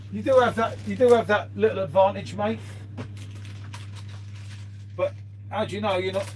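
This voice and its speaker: A man's voice: high-pitched, fairly bright tone, slight background noise. A man chatting casually with viewers on an early-morning live stream, swearing freely and calling everyone mate.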